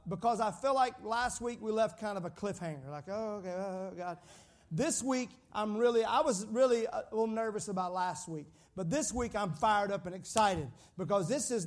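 A fairly high-voiced man preaching. He jokes with the congregation, calls on them to repeat his words back, and keeps the sermon lively and conversational. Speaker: pastor.

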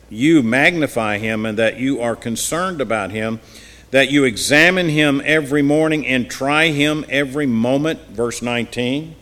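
A man's voice: mid-range voice, normal speed, a bit bright. A man leads an evening Bible class in an ordinary mid-range voice. He reads scripture aloud with growing emphasis, then explains it in plain teaching talk. His voice rings with a long reverb, as if recorded in a large hall.

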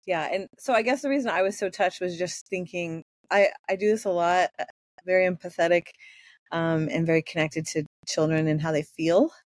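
A woman's voice: fairly low pitch, fairly quick, dry recording. Brief: older woman, podcast host, emotional and open, dry close-mic sound. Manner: warm, emotional, laughs while talking. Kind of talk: casual podcast chat.

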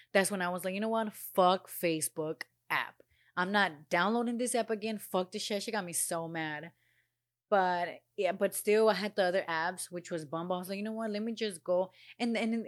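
A woman's voice: on the low side, no echo, clean studio sound. A woman telling a personal story in a casual, blunt monologue, often swearing and acting out quoted dialogue.

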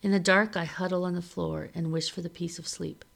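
A woman reading a novel aloud in a steady, measured storytelling manner. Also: lowish voice, creaky. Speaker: reader of a novel.

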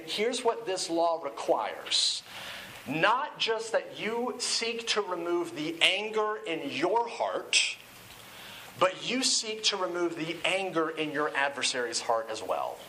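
A man preaching with a high, bright, ringing voice. He talks to the congregation in a loose, conversational way and gets animated as he goes. A faint hiss sits under the recording. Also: takes it slowly, low-quality recording. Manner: conversational, animated, acts out quoted shouting. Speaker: pastor. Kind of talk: sermon.

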